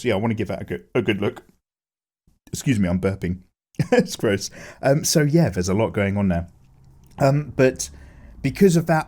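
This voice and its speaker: A man casually chatting with viewers while drawing, animated, with lots of fillers as he reads chat aloud. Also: mid-range voice. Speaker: art streamer chatting with viewers.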